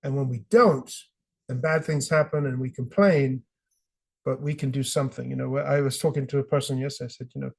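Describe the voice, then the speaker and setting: A man's voice: mid-range voice, fairly even intonation, fairly quick, gravelly. A middle-aged British man, an author guest on a podcast, telling his story with passion and acting out quotes. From Britain. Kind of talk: podcast interview.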